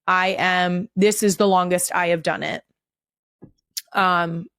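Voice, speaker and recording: A woman's voice: lowish voice, dry recording, clean studio sound. A woman, hosting a podcast in casual, candid chat and swearing for emphasis. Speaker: podcast host.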